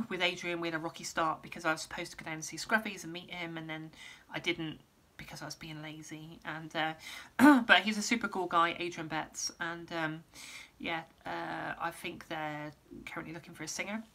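Woman, casual vlogger, losing her voice, lowish pitch, rambly. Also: fairly even intonation, normal speed, a bit bright. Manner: rambling, lots of ums and restarts. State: losing her voice, clearing throat. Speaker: musician giving an update. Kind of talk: casual vlog update.

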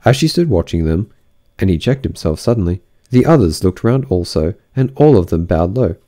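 A man narrating an audiobook of a classic tale in an expressive, theatrical reading. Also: sits low, moderate pace.

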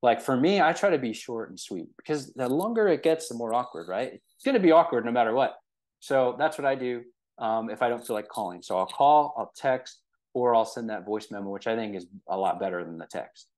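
A man with a mid-range, somewhat dark voice speaks fairly quickly with lively intonation. He runs a real estate training in a relaxed, chatty style, filling his talk with fillers and rhetorical "right?" as he keeps checking in with listeners.

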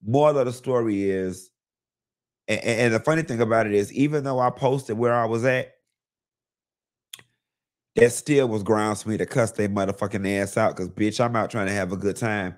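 Male gossip host, sassy and blunt, low-pitched, swears freely. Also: normal speed. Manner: sassy, blunt, profane, animated storytelling. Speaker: host of a live gossip show. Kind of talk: casual celebrity gossip commentary.

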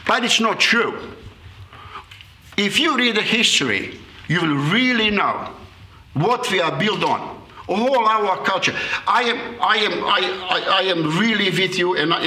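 Emotional man, slow. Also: high-pitched, sharp tone. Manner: emotional, halting, many repeated words. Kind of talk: impassioned comment at a public debate. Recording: echoey hall with faint noise.

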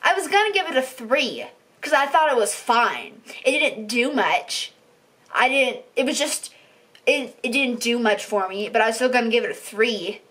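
Fed-up woman book vlogger with a fairly high voice, ranting and repeating herself. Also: lively intonation, normal speed. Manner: exasperated, repeats herself, swings loud and soft. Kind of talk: ranting book review vlog.

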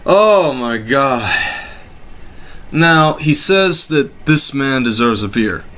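A man's voice: medium pitch, lively intonation, slow, a bit bright. A man hosting comedic meme reactions, exclaiming and laughing in disbelief, sarcastic and swearing freely.

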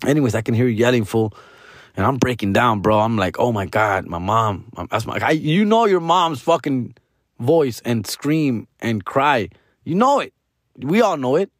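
A man's voice: medium pitch, animated, moderate pace, no echo, studio quality. A male comedian hosting a podcast, telling a story in a rambling, profane way, peppering it with Spanish slang. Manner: rambling, restarts often.

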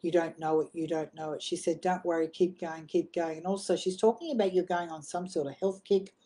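A woman with an Australian accent giving gentle, flowing live readings as a psychic medium. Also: fairly low pitch, steady tone, fairly quick.

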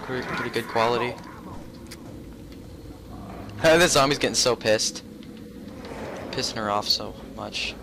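A man's voice: mid-range voice, unhurried, vocal fry, pauses often, bright, forceful tone, a little hiss or hum. A man hosting a casual gaming video, teasing his friend and joking about what happens on screen. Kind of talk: casual gameplay commentary.

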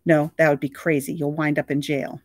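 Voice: medium pitch, little pitch movement, a little fast, dry recording, clean studio sound, lightly acted. A reader voicing an earnest teenage boy who warns his father off a reckless idea. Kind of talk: audiobook character voice.

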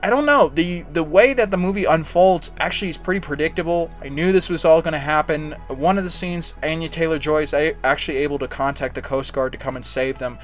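A man's voice: fairly high pitch, fairly quick, hardly any pauses, faint music behind. Rambling blunt young man reviewing films. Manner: rambling, blunt, with frequent restarts and filler words. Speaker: film reviewer. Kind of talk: casual unscripted movie review.

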